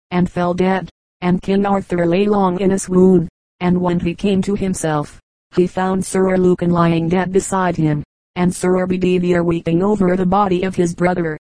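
A woman narrates an old tale for an audiobook in a measured, steady reading. Her pitch stays even and her tone is mellow. The recording is close and dry. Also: no room sound, low-quality recording. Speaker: audiobook reader. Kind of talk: storybook narration.

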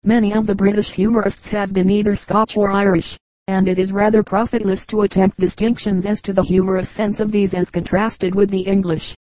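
A woman giving a measured, even reading of an audiobook as its narrator. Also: medium pitch, no room sound, low-quality recording. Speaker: audiobook reader. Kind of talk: scripted narration.

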